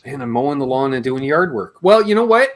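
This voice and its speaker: Host, forties, from Canada: rambling and jokey, lively swings in pitch. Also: male voice, quick pace. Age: 40s. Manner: rambling and jokey, laughs between remarks. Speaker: host of a live guitar Q&A stream. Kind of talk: casual chat.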